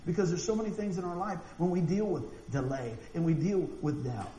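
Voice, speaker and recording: A man preaching a sermon, animated and folksy, acting out quotes and often repeating words. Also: a little high, brisk. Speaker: pastor. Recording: echoey room with faint noise.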